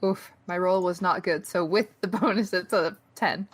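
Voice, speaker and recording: A woman's voice: fairly low pitch, steady tone, normal speed, breathy edge. A woman playing a tabletop game, hesitant and a little unsure of the rules. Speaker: player. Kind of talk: casual game chat.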